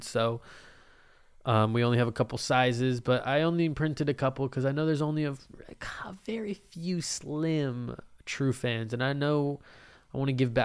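This medium-pitched male voice has vocal fry but a clean tone overall. The speaker is a young man hosting his own podcast, chatting casually and profanely into a mic in a relaxed, rambling solo monologue with frequent laughter.

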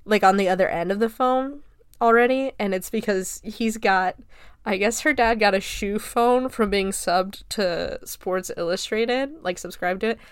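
A woman's voice: mid-range voice, unhurried, clear, resonant tone, no echo, clean studio sound. A woman in her late twenties recapping a film in a casual, chatty way, swearing freely, laughing often and filling her talk with "like.". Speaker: film reviewer.

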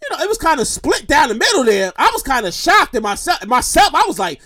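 A woman giving a ranting, comedic news commentary, loud, exasperated and profane, often shouting and running short of breath. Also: sits high, sing-song, fast, hardly any pauses, no room sound, studio quality. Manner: acts out others in quoted voices. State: getting breathless, pausing to calm down. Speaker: commentary vlogger.

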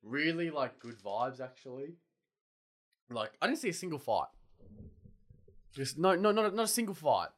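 A young Australian man co-hosting a podcast, telling stories in a casual, animated way and swearing freely. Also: fairly high pitch, moderate pace, pauses often. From Western Australia. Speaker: podcast co-host. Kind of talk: casual chat.

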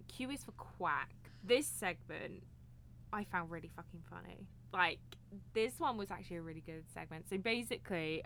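A woman's voice: medium pitch, a bit bright, a little hiss or hum. A British woman co-hosting a podcast, chatting casually, giggly and swearing freely. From England. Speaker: podcast co-host. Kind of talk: casual chat.

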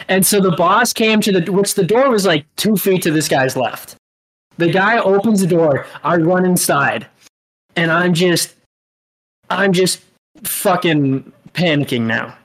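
A man co-hosting a casual podcast, telling a long story in a halting, rambling way and laughing as he goes. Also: high-pitched, fairly bright tone, low-quality recording. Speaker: podcast co-host. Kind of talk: casual chat.

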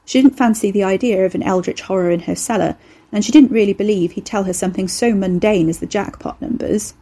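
A woman reading a novel aloud as narrator in a measured, even storytelling way. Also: medium pitch, husky. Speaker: audiobook narrator. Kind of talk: scripted narration.

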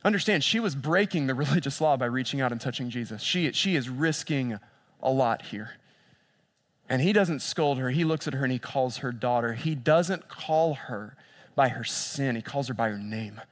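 A man preaching a sermon as a pastor. He moves between lively storytelling and hushed, intense passages, and repeats phrases for emphasis. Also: medium pitch, moderate pace.

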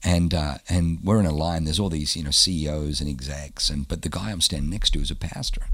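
A middle-aged Australian pastor telling stories in a casual interview, animated and acting out the voices of people he quotes. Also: extremely low pitch, quick pace, gravelly, hardly any pauses, slightly rough, dry recording.

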